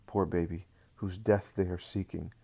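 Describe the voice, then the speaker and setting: A man's voice: deep voice, level tone, moderate pace, gravelly, dark tone. A man reading the part of a devoted husband who firmly comforts his wife in a spoken storybook. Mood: reassuring. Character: devoted husband, steady and reassuring.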